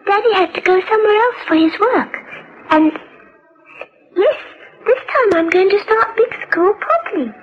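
A woman's voice: very high voice, lively intonation, moderate pace, long pauses. A chatty five-year-old girl. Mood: innocent chatter. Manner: prattling, earnest, childlike. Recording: dull lo-fi old radio recording.

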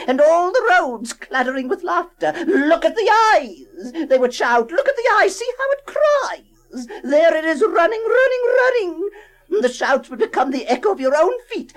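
A woman's voice: very high voice, exaggerated voice, poor audio. A woman playing a tearful, coaxing old aunt. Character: doting, possessive old aunt woman soothing her niece. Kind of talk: dramatic story reading.

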